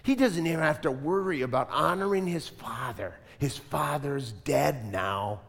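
A man preaching a sermon in an animated style, asking the congregation to repeat lines after him. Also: a little high, a little slow, gravelly, in a large hall. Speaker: pastor.

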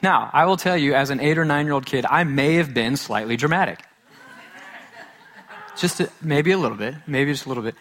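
A male pastor preaching to his congregation. He tells a story with playful self-mockery and acts out the quoted lines loudly. Then he drops to a quiet, earnest voice. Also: medium pitch, brisk. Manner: storytelling with self-mocking humor, swings from loud to hushed. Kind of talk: sermon.

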